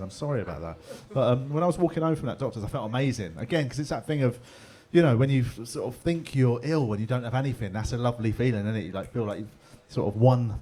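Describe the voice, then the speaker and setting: A man's voice: mid-range voice, warm tone. A middle-aged man with a London accent doing a chatty, laddish stand-up set, swearing freely and laughing along with his own story. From England. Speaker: stand-up comedian. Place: pub comedy room with live audience.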